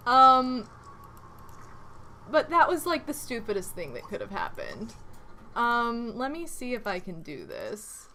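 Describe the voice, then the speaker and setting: A woman doing casual gameplay commentary as a streamer, chatty and prone to loud exasperated outbursts. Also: a little high, huge pitch swings, slow pace, pauses often, slight background noise. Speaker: game streamer.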